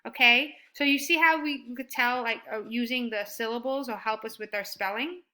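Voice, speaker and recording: A woman teaching a first grade writing lesson, sounding out words slowly and praising her students. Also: fairly high pitch. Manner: slow and deliberate, sounding out words; encouraging, animated when praising.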